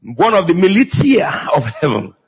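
A man's voice: high voice, huge pitch swings, moderate pace, husky. A man preaching a sermon in a church, calling out to the congregation and drawing replies from them. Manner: emphatic, call-and-response with the congregation. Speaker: pastor. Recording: echoey church hall, dull lo-fi sound.

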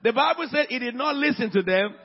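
A man preaching a sermon as pastor, calling on the congregation and rising to shouts. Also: very high-pitched, lively intonation, brisk, breathy edge, big-room sound, dull audio. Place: church hall.

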